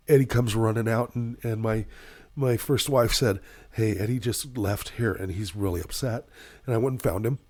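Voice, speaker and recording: A man's voice: mid-range voice, a little mellow. Middle-aged man telling a heartfelt story. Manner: emotional storytelling, many fillers. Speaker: paramedic guest. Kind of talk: casual podcast conversation.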